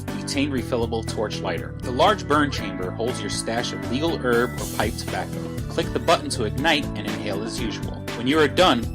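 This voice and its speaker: A man reading a sponsor ad with a smooth, even promotional delivery. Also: mid-range voice. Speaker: ad announcer. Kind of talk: read sponsor ad. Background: music bed.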